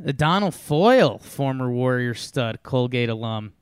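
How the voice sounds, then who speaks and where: A man co-hosting a sports podcast, a little higher-pitched than most men, with a smooth, clean voice. He answers in short, easygoing bits. The recording is dry and close. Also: lively intonation, normal speed, a bit bright, no room sound. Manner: short, laid-back replies. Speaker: podcast co-host. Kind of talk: casual sports chat.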